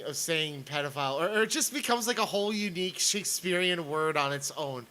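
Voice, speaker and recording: A man's voice: a little high, lively intonation, a little fast, hardly any pauses, pushed and bright, poor audio. A man streaming a sarcastic rant, stammering and repeating words as he comments on clips.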